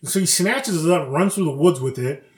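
In an echoey room, a podcast co-host with a fairly high, animated voice chats casually at a brisk pace. He tells stories, swears freely, and acts out the characters he quotes.

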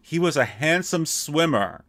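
Animated swearing man on a podcast. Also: on the high side, measured pace, no echo. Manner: animated, swears, laughs often. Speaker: podcast co-host. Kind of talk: casual podcast chat.

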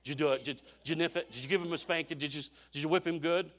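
Man putting on a fussy nervous deputy, bright pushing tone, repeats himself, bossy. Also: a little high, steady tone, racing, close to an everyday voice. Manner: fussy, repetitive, insistent. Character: jittery, bossy small-town deputy.

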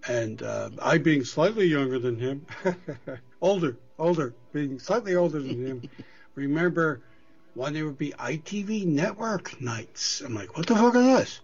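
Husky rambling middle-aged podcast host. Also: male voice, fairly high pitch, lively intonation, measured pace. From US East Coast. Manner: rambling, restarts a lot, swears. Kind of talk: casual chat. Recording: dull lo-fi audio.

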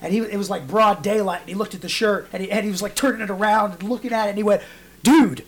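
A man's voice: high voice, rapid-fire. Podcast guy telling a funny story, cusses a lot, does little voices for people. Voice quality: storytelling, animated voices in quotes, swears freely. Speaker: podcast host. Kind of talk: casual chat.

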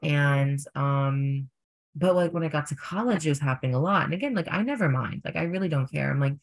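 A young man, a drag performer, telling stories in a casual interview, full of fillers and animated quoted voices. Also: a little high, fairly quick, gravelly.

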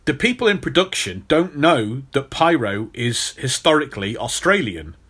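A man's voice: mid-range voice, very animated, moderate pace, a bit bright, slightly rough. A man hosting a podcast, telling a long story in casual chat with many restarts. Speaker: podcast host.

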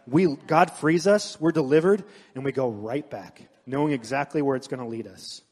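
A man preaching a sermon, mixing scripture with animated personal stories. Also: mid-range voice, normal speed. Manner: storytelling, animated asides. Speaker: pastor. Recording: long hall reverb.

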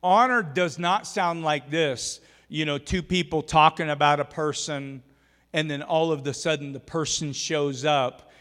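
A high-voiced man preaches with animated, exhorting energy, breaking into acted-out scenes. His voice rings through a church with a long reverb. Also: moderate pace. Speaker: pastor. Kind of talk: sermon.

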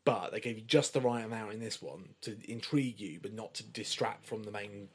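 A man's voice: fairly low pitch, a little fast, a crowd in the background. A man, co-hosting a podcast and talking through a film in an enthusiastic, chatty way with casual swearing. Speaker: podcast co-host.

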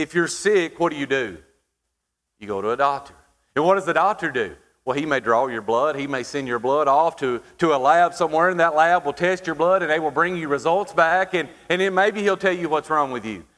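High-voiced preacher in a reverberant hall. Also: male voice, a bit bright. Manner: preaching with rhetorical questions and dramatic pauses. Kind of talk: sermon.

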